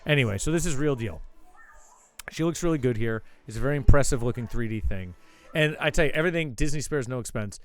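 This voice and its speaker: A man's voice: medium pitch, quick pace, faint music behind. A man hosting his own show, telling a rambling, profane story in casual chat. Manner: swears a lot, rambling asides. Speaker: show host.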